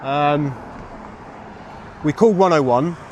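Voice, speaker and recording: A man's voice: fairly high pitch, takes it slowly, a little mellow. Rambling man livestreaming on the street. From England. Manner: rambling, chatty, talks to his chat. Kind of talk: live street streaming to chat. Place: outdoors on a street with traffic. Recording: street traffic noise behind.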